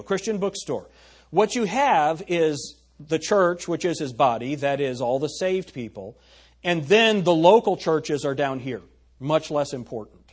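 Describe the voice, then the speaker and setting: A man preaching a verse-by-verse sermon. His voice sits a little high and sounds husky. He reads scripture aloud with force and keeps checking that his listeners agree. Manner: asks the congregation for agreement. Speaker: pastor. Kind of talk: expository sermon.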